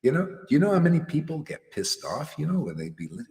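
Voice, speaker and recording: A man giving a casual devotional talk, animated and slangy, often laughing and calling people "man". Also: medium pitch, quick pace, in a large hall. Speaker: spiritual teacher.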